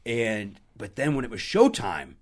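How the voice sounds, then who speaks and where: A man, a comedian guest on a podcast, telling a story in casual chat with frequent restarts and loud bursts when he quotes people. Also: on the low side, a little slow. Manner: animated, bursts loud when quoting others; restarts and trails off often.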